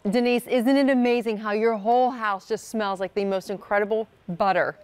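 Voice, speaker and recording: A woman's voice: mid-range voice, fairly even intonation, normal speed, a little mellow, clear, resonant tone, dry recording. A woman presenting food on a live home shopping show in a studio kitchen, enthusiastic and descriptive. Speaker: guest product presenter.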